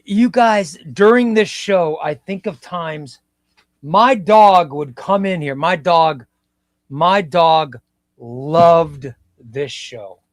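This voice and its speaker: A man in his fifties hosting a casual live stream, talking slowly and reflectively and often repeating his phrases. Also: fairly high pitch, dry recording, studio quality. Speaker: livestream host. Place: home room.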